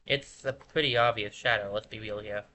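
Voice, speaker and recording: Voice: medium pitch, steady tone, normal speed, bright, forceful tone, a little hiss or hum. A streamer making casual, playful asides during a let's-play.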